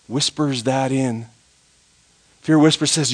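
Guy preaching a sermon, goes real quiet then gets big and loud. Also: measured pace, pauses often. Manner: dynamic preaching, swinging from hushed to loud and high. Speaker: pastor.

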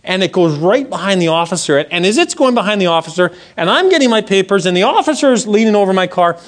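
Animated pastor telling a story. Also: male voice, quick pace, hardly any pauses. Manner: animated storytelling, acts out quotes with big pitch jumps; conversational, asks the audience questions. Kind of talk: sermon with personal story.

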